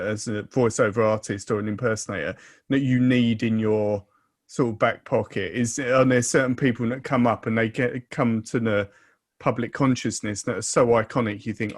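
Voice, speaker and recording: A man hosting a podcast, asking long, thoughtful questions full of hedges. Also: on the low side. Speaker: podcast host. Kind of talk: interview questions.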